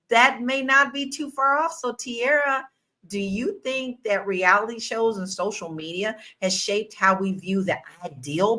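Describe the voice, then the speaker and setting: Woman host running a panel, bright punchy voice, lively and keeps asking questions. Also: on the high side. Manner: lively and engaging, addresses guests and viewers directly. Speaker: talk show host. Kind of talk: hosting a panel discussion.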